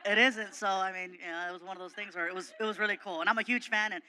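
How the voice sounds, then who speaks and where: Male comic guest, animated storyteller, high and bright. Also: quick pace. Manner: animated, excitable, self-mocking. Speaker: guest comedian. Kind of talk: comedic storytelling in an interview.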